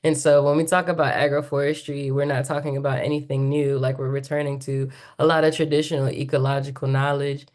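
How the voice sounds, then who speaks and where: A woman with a notably low-pitched voice on a webinar panel. She talks in an easy, relaxed way and laughs readily. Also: brisk, few pauses. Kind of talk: casual conversational talk.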